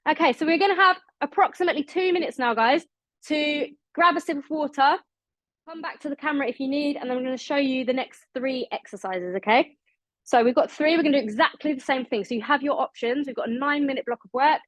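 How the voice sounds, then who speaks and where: Woman, British accent, fitness instructor, encouraging, slightly out of breath, high voice. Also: fast talker, no echo. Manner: upbeat, encouraging, counts down reps. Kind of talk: live online exercise class coaching.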